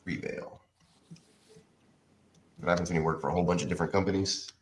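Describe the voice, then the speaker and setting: A man with a very low voice talks loosely in a casual podcast chat. He swears easily and mutters to himself as he types. A faint hiss sits under the recording. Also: steady tone, fairly quick, echoey room. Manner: laid-back, swearing, muttering while typing. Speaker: podcast co-host.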